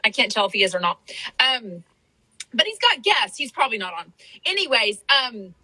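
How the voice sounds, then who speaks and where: A woman's voice: a little high, sing-song, moderate pace, pushed and bright, breathy edge, poor audio. A woman hosting a podcast, chatting casually in a rambling way with lots of fillers. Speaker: podcast host. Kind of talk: casual chat.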